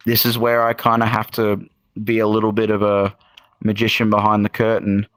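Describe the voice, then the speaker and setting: Low-voiced rambling Australian man. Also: completely flat delivery, moderate pace, fairly bright tone, dry recording. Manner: rambling, filler-heavy, frequent restarts. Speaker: guest musician. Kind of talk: casual podcast interview storytelling.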